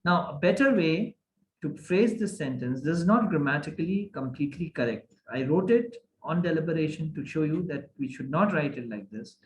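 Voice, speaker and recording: A man's voice: fairly high pitch, normal speed, a little hiss or hum. A man teaching a grammar class online, often checking that the class follows. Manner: animated, asks the class many checking questions. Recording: echoey room.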